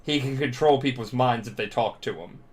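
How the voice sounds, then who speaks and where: A drunk young man rambling through a profane, animated retelling as a podcast co-host. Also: medium pitch, fairly quick.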